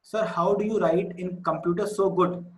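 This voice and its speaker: High-pitched and fairly even in intonation, a man speaks at a normal pace in an echoey room. He's a teacher leading an online maths class over video, patiently explaining and repeating the key numbers for his students.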